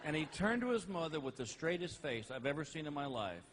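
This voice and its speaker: A middle-aged man telling stand-up stories about his family in a folksy, animated way, laughing at his own jokes. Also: fairly high pitch, brisk. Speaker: stand-up comedian. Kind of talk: stand-up storytelling. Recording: live comedy album with faint noise.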